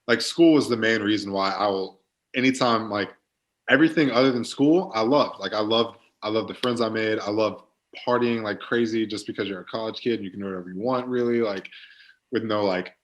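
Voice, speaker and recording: A man's voice: lowish voice, a little fast. A young man in his twenties, a football player guest on a podcast, telling stories in a laid-back way with lots of fillers. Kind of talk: casual podcast chat.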